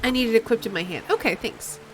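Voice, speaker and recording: A woman's voice: fairly high pitch, fast, faint music behind. A young woman streaming a game, playful and chatty, reading the text aloud and commenting as she goes. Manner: playful, chatty, laughs often. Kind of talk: game let's play with read-aloud narration.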